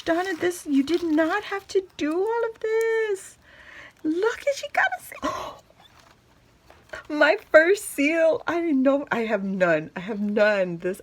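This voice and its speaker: A woman vlogger chatting through a craft unboxing, gushing and exclaiming, often swooping up into squeals. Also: mid-range voice. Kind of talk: excited unboxing chat.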